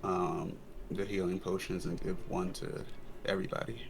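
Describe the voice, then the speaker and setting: A man's voice: low-pitched, little pitch movement, creaky, noisy background. A man playing a tabletop role-playing game, talking casually and thoughtfully about his character's actions. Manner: slow, thoughtful, with chuckles. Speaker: player.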